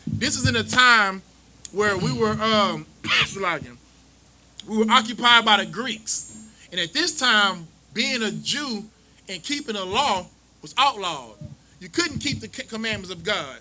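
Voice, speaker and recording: High-pitched man, bright piercing tone, preachy and mocking scripture teacher. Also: animated, normal speed, low-quality recording. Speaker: teacher leading a scripture class. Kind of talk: street-style scripture teaching.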